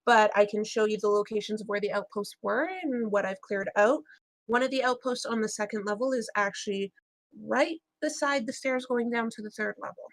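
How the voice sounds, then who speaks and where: A woman's voice: mid-range voice, fairly even intonation, a little fast, no echo. A woman playing a tabletop role-playing game in character, talking with frequent hesitations and fillers. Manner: hesitant, many fillers and restarts. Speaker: player.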